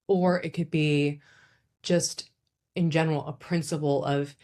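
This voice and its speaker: A woman's voice: low voice, a little slow. A woman explaining things to family members in a casual, chatty way, often adding "like" and "right?". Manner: chatty, lots of "like" and "right?", animated demonstrations. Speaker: psychologist host. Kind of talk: casual educational talk.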